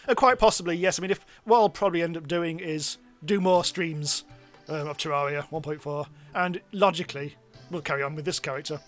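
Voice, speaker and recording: A man giving chatty, self-mocking live commentary as he streams a game, now and then bursting into excited yelps. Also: on the high side, brisk, soft background music. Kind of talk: live let's-play commentary.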